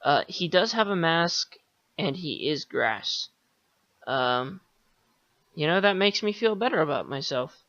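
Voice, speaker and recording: Male podcast host, bright tone, dull lo-fi sound, rambling sarcastic monologue. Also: on the high side, expressive, a little slow, dry recording. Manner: meandering, sarcastic, swears casually, many fillers.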